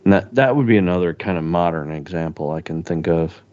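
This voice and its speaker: Low-voiced man in halting film chat. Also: darkish tone. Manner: halting, many restarts and fillers. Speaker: podcast co-host. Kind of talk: casual film discussion. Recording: dull lo-fi audio.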